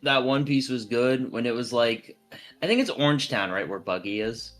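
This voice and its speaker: A man's voice: mid-range voice, expressive, moderate pace, a bit bright, faint music behind. A man co-hosting a casual chat podcast, candid and joking. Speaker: podcast co-host.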